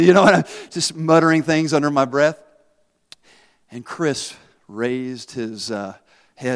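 A pastor telling a story in a sermon, animated, moving between quiet asides and loud bursts. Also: male voice, medium pitch, measured pace, pauses often. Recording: long hall reverb.

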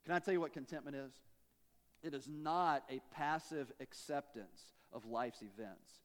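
A male pastor preaching a sermon, swinging between emphatic raised lines and quiet, dropped endings. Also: mid-range voice, normal speed, long reverb tail.

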